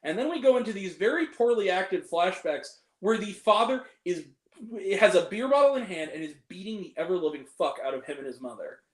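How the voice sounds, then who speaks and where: A young man with a fairly high voice hosts a casual film chat, animated and ranting, with plenty of swearing. He talks in an echoey room. His pitch jumps up sharply when he gets worked up. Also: normal speed. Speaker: host.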